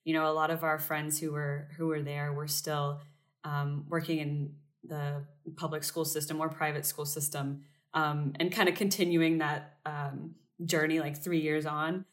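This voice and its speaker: Guest: young American woman with a very low voice, chatty, filler-heavy. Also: level tone, a little slow. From United States. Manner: chatty, many fillers and restarts. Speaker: interview guest. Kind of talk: casual conversational interview.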